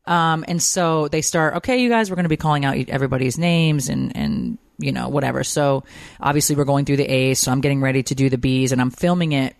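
A woman's voice: rumbling low, a little fast, vocal fry, no room sound, clean studio sound. Emotional, rambling woman podcast host. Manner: emotional, rambling storytelling with fillers. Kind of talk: casual chat.

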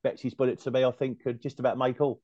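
A man's voice: medium pitch, level tone, fast talker, mellow, no echo. A man chatting as a guest tipster on a betting podcast, agreeable and loose in his phrasing. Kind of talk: casual chat. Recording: dry dull lo-fi mic.

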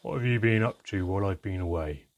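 A man voicing a cheerful father with a deep, gravelly voice who talks calmly and teases gently. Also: fast talker, dull audio. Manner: calm, gently teasing.

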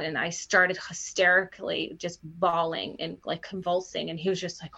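A woman in her thirties, a TV news host, telling a personal story candidly as a podcast guest, halting and restarting often. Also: on the low side, steady tone, pushed and bright, highs cut off. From Canada.

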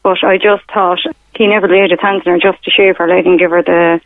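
A woman's voice: lowish voice, little pitch movement, brisk. A middle-aged woman, calling in to a radio show and telling a personal story in a hesitant, rambling way full of fillers. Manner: rambling, hesitant, many fillers and retold quotes. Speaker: caller. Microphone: telephone. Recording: tinny phone line.

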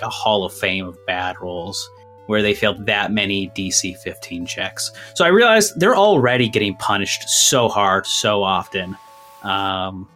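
A game master with a fairly low, somewhat bright voice talks through rule changes and a recap for his tabletop group, a bit breathless. His delivery rambles, cuts itself off, and he chuckles at his own jokes.

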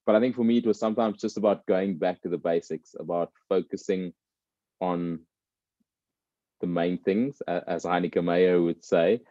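Casting note: man with a very low, warm voice, reflective storyteller, dry muffled recording. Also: fairly even intonation, normal speed, no echo. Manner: thoughtful, tells stories with voiced characters. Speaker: former rugby player. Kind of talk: reflective conversation.

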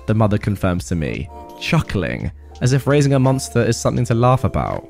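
A man reads a story aloud for his podcast in a mid-range voice. His delivery swings widely up and down in pitch. Quiet music plays underneath. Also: moderate pace, creaky. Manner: expressive, animated reading.

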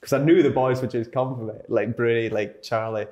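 A young Scottish man chatting in an interview, his voice sitting at an ordinary middle pitch. He tells his stories in a loose, rambling way, full of fillers and quick self-corrections. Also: steady tone, a little mellow. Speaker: interview guest, footballer. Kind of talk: casual storytelling chat.

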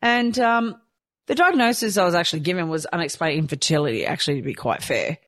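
A woman's voice: on the low side, quick pace, no room sound, studio quality. A woman, candidly telling a personal story and acting out her own thoughts. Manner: animated, acts out her own quoted thoughts. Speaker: storyteller sharing a personal experience.

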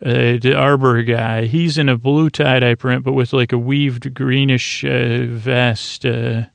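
A man's voice: medium pitch, steady tone, slow pace, creaky, dry recording. A man casually recapping an episode in a rambling, hesitant way, full of fillers and restarts, reading characters' lines in his own plain voice. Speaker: podcast host recapping an episode.

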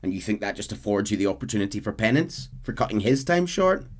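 A man voicing a grieving widow, in a soft, low and subdued way. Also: expressive, fast talker. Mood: bitter. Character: grieving widow, woman, proud and bitter.

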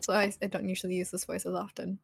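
Woman guest, sultry and teasing, soft delivery, dry close sound. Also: fairly low pitch, flat delivery, quick pace, vocal fry, husky, dry recording. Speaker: podcast guest, streamer. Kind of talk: casual livestream chat.

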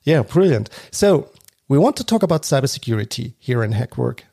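A man's voice: mid-range voice, very animated, brisk, gravelly, mellow, breathy edge. A man with a German accent hosting a podcast, chatty and laughing as he introduces guests. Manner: chatty and laughing, with frequent restarts. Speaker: podcast host. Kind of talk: casual podcast chat.

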